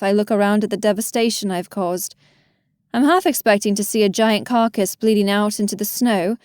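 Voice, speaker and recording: A woman's voice: medium pitch, a little mellow, clean tone, no room sound. Woman audiobook narrator, wry first-person read, dry close-mic booth sound. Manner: wry, self-deprecating inner voice.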